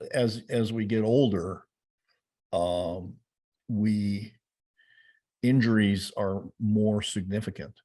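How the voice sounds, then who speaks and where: A man hosting an interview, talking haltingly with many restarts. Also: on the low side, darkish tone, husky. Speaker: host. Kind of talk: casual interview talk.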